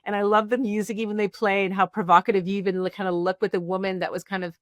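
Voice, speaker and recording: A woman's voice: mid-range voice, flat delivery, quick pace, dry recording. A woman hosting a podcast, asking chatty questions with fillers. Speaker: podcast host. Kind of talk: casual interview.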